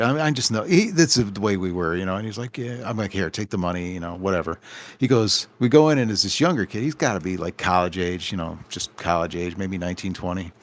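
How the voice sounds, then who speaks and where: Man, lowish voice, casual podcast chat, rambling anecdotes, acts out quoted dialogue. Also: lively intonation, fast talker. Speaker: game store owner, podcast guest.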